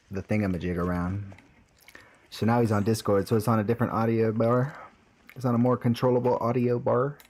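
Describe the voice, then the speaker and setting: A man's voice: fairly low pitch, darkish tone. A young man chatting casually on a live stream, swearing now and then as he sets up his audio.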